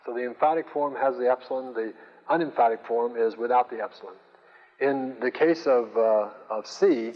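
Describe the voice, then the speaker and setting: A man teaching a Greek lesson in a slow, patient lecture style, pausing often with hesitant fillers. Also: mid-range voice. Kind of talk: recorded classroom lecture. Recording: lo-fi recording with long reverb.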